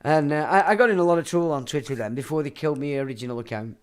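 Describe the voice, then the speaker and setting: A man's voice: fairly high pitch, rapid-fire, clear, resonant tone. A man, hosting a casual livestream, reading viewer comments and ranting crudely with a lot of swearing. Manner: laughs while talking. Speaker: livestream host.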